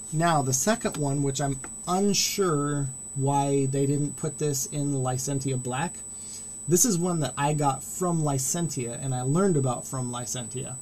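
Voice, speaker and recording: A man hosting a casual screen-recorded walkthrough, chatty and rambling, getting excited about the features he likes. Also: a little high, slight background noise. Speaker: modding tutorial host.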